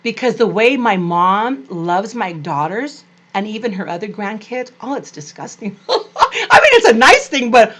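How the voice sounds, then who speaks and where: An older woman vlogging about being a grandmother, telling family stories in a gushing, animated way. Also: medium pitch, measured pace. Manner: animated, gushing, acts out quoted family voices. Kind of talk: personal storytelling to camera.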